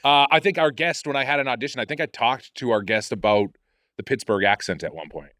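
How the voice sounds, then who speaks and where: Co-host, man, mid-pitched, halting casual chat, dry studio sound. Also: fairly bright tone, dry recording. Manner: hesitant, restarting phrases. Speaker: podcast co-host.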